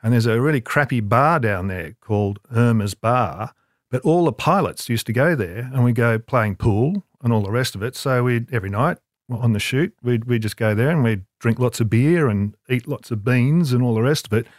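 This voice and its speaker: A rambling older man spins a self-deprecating yarn, stopping and restarting his sentences. His voice is mid-pitched and dry, close to the mic. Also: expressive, normal speed, dry recording. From Australia. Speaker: interview guest, advertising creative. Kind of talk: casual anecdote telling.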